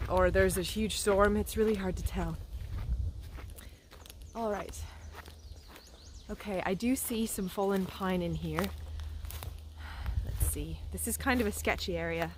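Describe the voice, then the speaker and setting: Woman, casual walking vlogger with a put-on British accent, mid pitch, faint outdoor hum behind. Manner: rambling, whimsical, chatty. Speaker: nature vlogger. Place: outdoors in the woods.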